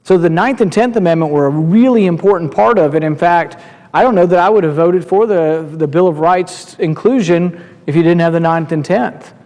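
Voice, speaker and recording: Male senator, floor speech, high-ish voice, measured and explanatory, long chamber reverb. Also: a little mellow. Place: large legislative chamber.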